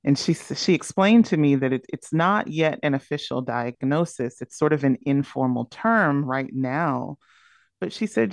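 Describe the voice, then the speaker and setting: A woman's voice: low-pitched, expressive, moderate pace, creaky, dry recording, clean studio sound. A woman speaking as a podcast guest, candidly and reflectively telling a personal story. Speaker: podcast guest, burnout coach.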